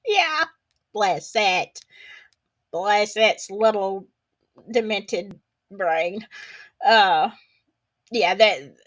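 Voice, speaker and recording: A woman's voice: mid-range voice, a bit bright. A woman with a Southern US accent, hosting a casual solo livestream, chatting in a folksy, drawling way and reading viewer comments aloud.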